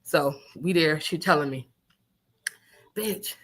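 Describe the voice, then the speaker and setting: A woman co-hosting a radio show, telling a story in casual chat, animated and swearing, laughing often and acting out what people said. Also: lowish voice, a little fast. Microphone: studio microphone.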